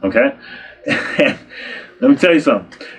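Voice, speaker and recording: A photographer speaks straight to his audience in a medium-pitched, husky, fairly bright voice with lively intonation, taking it slowly. His advice is blunt and exasperated, packed with rhetorical questions and repeated "okay?".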